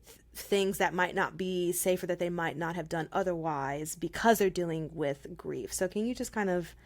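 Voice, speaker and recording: Woman cohost chatting casually, lower voice, laughs a lot, playful. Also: normal speed. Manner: laughs often, playful and upbeat. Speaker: podcast co-host. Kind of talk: casual chat.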